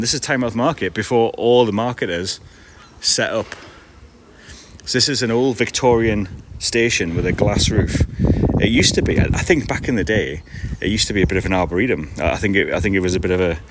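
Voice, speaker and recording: Casting: tired man in his 40s, low voice, rambling chatty stream host, faint hum behind. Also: a little fast, fairly bright tone. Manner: rambling and self-deprecating, with frequent restarts. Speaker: card seller and livestream host. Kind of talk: casual live-stream chat. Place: large glass-roofed old station hall, indoors.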